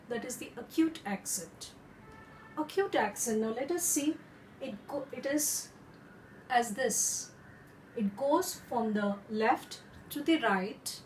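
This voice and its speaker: Woman french teacher, kinda high voice, goes slow and careful, faint background hum. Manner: slow, careful explanations with repeated examples. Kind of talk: instructional lesson. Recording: echoey room.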